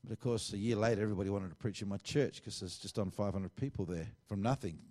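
Middle-aged pastor, lowish voice, chatty sermon storytelling. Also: male voice, fast talker. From Australia. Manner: conversational, animated storytelling with quoted dialogue.

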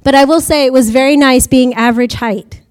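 An American woman with a high, steady voice speaks fairly quickly, often laughing as she gives a chatty testimony about mission work to a church congregation. A faint hiss or hum sits under the recording.

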